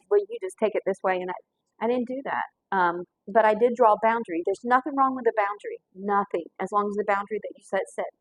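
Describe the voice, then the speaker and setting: A woman's voice: medium pitch, no echo, poor audio. Earnest woman telling stories. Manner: earnest, folksy, with frequent restarts and fillers. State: holding back tears. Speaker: pastor and cooking show host. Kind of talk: heartfelt storytelling while cooking.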